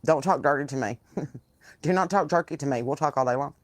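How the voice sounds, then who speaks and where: Out on the porch, a podcast host from the Southern US runs a laid-back live chat, telling stories with lots of cursing and salty, animated energy. Her voice sits low, her pace is a little fast, and there's no room sound.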